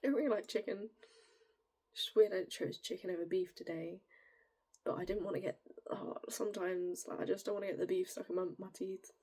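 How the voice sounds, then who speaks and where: A young woman with a northern English accent, musing in a rambling, giggly way and slipping into soft, whispery asides. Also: medium pitch, quick pace, slightly rough. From northern England. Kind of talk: casual musing monologue.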